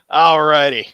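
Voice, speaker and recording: A man's voice: on the high side, bright, forceful tone, clean tone, no echo, dull audio. A man playing in a tabletop game, cracking jokes and making playful asides. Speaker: player. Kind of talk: casual tabletop game banter.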